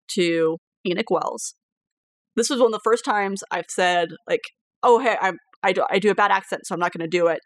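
Animated swearing woman game master. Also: lowish voice, no room sound. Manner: animated, swears freely, laughs often. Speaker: podcast host and game master. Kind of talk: casual podcast chat.

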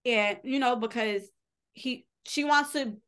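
A woman's voice: fairly high pitch, unhurried, a bit bright, smooth. A woman co-hosting a podcast, casually retelling a novel's plot in a chatty way, full of fillers and quoted dialogue. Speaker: podcast co-host. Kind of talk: casual book recap.

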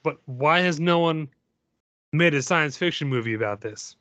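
A man hosting a podcast with friends, animated and jokey, often restarting sentences. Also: a little high, moderate pace, no room sound. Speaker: podcast host. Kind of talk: casual chat. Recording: dull lo-fi sound.

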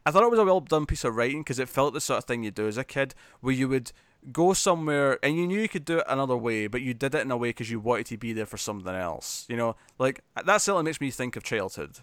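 A man's voice: medium pitch, animated, fast talker, a bit bright, clear, resonant tone, no echo. A man chatting casually as a podcast co-host, laughing and acting out characters' lines as he recaps an episode.

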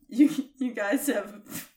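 A woman's voice: on the high side, very slow, warm tone, roomy sound. A woman narrating as game master, giggly and rambling, swearing freely.

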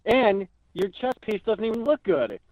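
A man's voice: high-pitched, expressive, normal speed, darkish tone, dry recording, rough recording. A man playing a hotheaded young caller who rants at his stepdad in frantic, whiny bursts on a call-in comedy bit. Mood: flustered. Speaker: prank caller.

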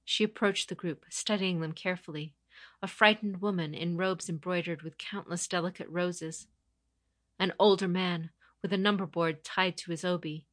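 A woman narrating a story in a calm, steady way. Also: fairly low pitch, no room sound, studio quality.

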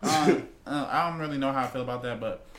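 A man jokes and teases his way through a casual chat. His voice is bright and sharp. Echo from the room clings to every word. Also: medium pitch, quick pace, slight background noise. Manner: joking, teasing. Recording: echoey room.

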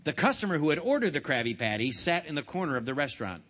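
A man's voice: fairly high pitch, fast talker. A man playfully reading a picture book aloud to children, joking in between. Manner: playful, jokey, animated. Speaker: storybook reader for children.

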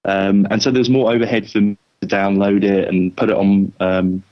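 A man on a casual tech podcast, chatting from his notes and quick to laugh. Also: fairly low pitch, level tone, lo-fi sound.

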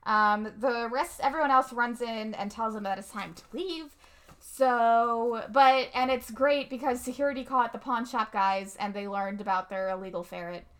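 A woman co-hosting a podcast, casually walking through a movie plot. Her voice sits high and bright, and she keeps things loose, full of "um"s and quick laughs. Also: smooth. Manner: chatty, many "um"s, laughs often. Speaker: podcast co-host.

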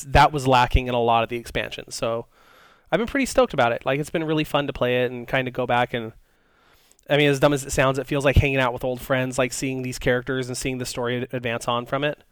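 This is a man co-hosting a podcast, talking in a relaxed, rambling way full of fillers and false starts. His mid-range voice is smooth, and there's no room sound at all.

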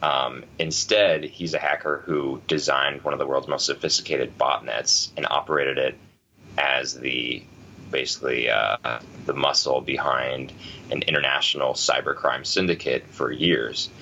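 A man's voice: very deep voice, fairly even intonation, unhurried, creaky, sharp tone, dull audio, a little hiss or hum. A man co-hosting a podcast, talking in a rambling, thoughtful way with many fillers and restarts. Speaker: podcast co-host. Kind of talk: casual chat.

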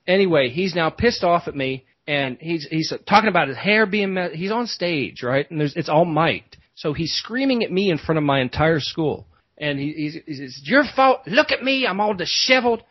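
A man's voice: on the high side, lively intonation, moderate pace, no room sound, muffled recording. A man, a podcast host, telling a long rambling story in casual chat, full of restarts and asides.

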